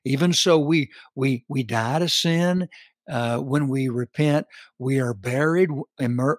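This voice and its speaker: A man teaching a Bible study on a podcast, reading scripture slowly with emphatic stress. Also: mid-range voice, no echo, clean studio sound.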